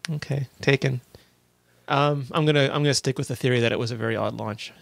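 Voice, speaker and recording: A man's voice: mid-range voice, steady tone, fast talker, vocal fry, dry recording. A man from Canada hosting a casual tech podcast, wry and chatty, often restarting his sentences. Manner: chatty, wry, self-correcting. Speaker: podcast host.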